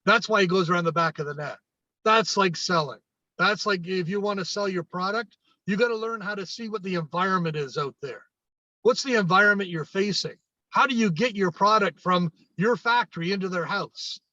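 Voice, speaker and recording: High, bright-voiced man telling stories. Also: normal speed, no room sound. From Canada. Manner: animated, acts out quoted dialogue, restarts and repeats phrases. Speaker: podcast guest, sales coach. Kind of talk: anecdotal storytelling in conversation. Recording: dry, dull lo-fi sound.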